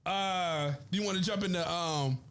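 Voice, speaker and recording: Man, high-pitched voice, podcast co-host, casual wrestling chat, playful, teasing, slangy, repeats himself. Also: normal speed, a bit bright, smooth.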